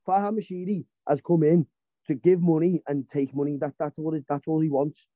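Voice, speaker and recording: Bloke, swearing rant, fairly high voice, dry lo-fi sound. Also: male voice, fairly even intonation, a little fast, no echo. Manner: swearing, emphatic ranting. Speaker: podcast panelist. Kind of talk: heated casual rant. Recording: dull lo-fi podcast audio.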